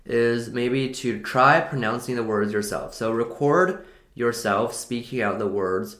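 A man's voice: mid-range voice, measured pace, a bit bright. A man hosting a language-learning talk, explaining in a loose, unscripted way and often rephrasing himself mid-sentence. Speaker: English learning podcast host. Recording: echoey room.

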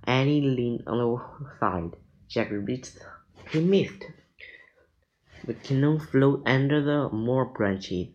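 A man reading a children's adventure book aloud, deliberate with small slips. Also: mid-range voice, lively intonation, darkish tone, muffled recording, a little hiss or hum. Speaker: reader.

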